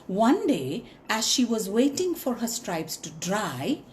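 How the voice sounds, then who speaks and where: A woman telling a story to children, expressive and inviting them to sing along. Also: mid-range voice, takes it slowly, a little hiss or hum.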